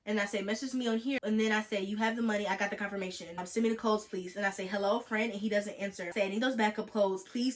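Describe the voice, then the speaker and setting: A young woman in her twenties rattles through a storytime vlog at a quick clip. Her delivery is jokey and animated as she acts out both sides of a text exchange. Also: medium pitch. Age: 20s. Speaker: vlogger.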